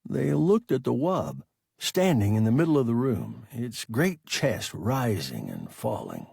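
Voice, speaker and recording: A man giving scripted, expressive narration of a science fiction audiobook. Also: mid-range voice, vocal fry, slightly rough, no echo, studio quality. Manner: slow, expressive storytelling.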